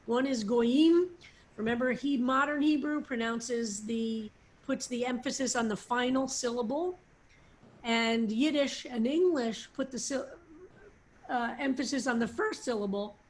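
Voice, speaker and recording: Woman, rabbi, teaching a class, fairly high voice, halting, many fillers, video call.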